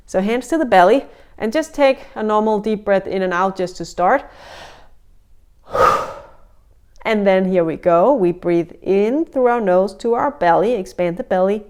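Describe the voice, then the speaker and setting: A woman with a smooth, resonant voice talks listeners through a breathing exercise. She sounds gentle and a little out of breath, and she often restarts her sentences as she explains each step. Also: mid-range voice. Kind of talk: guided breathing lesson.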